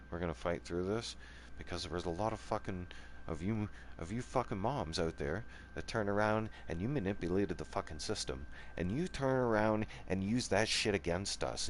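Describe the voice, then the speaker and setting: A defiant man rants straight into the mic in a fairly low voice, cursing constantly and tacking "right?" or "okay?" onto nearly every line. There's a faint hiss of room noise behind him. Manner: profane, repetitive, keeps asking "right?" and "okay?"; angry and defiant, voice rising and falling. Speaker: gaming channel host. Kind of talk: heated monologue rant.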